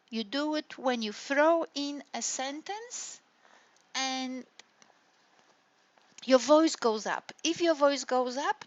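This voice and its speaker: A woman's voice: high-pitched, a bit bright, dry recording. A woman lecturer explaining step by step, often checking in with her listeners with "right?" and "hey?". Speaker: university lecturer. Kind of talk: recorded online lecture on intonation. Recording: dull lo-fi lecture recording.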